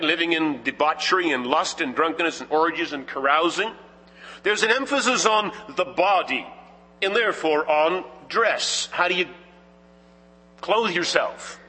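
A male pastor delivers a measured, emphatic sermon with a husky, high voice. He speaks slowly and poses rhetorical questions. The sound carries a long reverb from a church hall. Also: pushed and bright. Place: church sanctuary.

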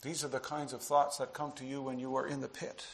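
A man preaching a sermon to his congregation, earnest, dropping to quiet asides and rising into emphatic passages. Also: mid-range voice, little pitch movement, fairly quick, creaky. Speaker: pastor.

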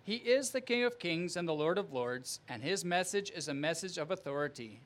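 A man preaching a sermon as pastor, with earnest, emphatic delivery and measured phrasing. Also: a little high, animated, a bit bright.

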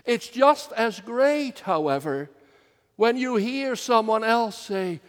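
High-voiced slow-preaching man in a church. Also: expressive, in a large hall. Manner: slow, earnest preaching with swells of emphasis. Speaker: minister. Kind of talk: sermon.

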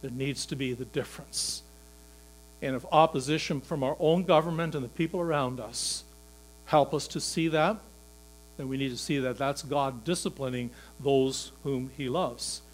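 A male pastor preaching a sermon, moving from quiet, low passages to loud, emphatic peaks. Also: normal speed.

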